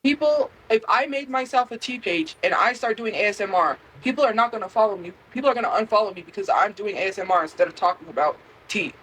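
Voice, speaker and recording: A woman's voice: medium pitch, expressive, quick pace, few pauses, a bit bright, a little hiss or hum, low-quality recording. A woman livestreamer ranting to her chat, defensive and repeating her point over and over. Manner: defensive, repetitive, talks straight to chat. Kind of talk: livestream rant.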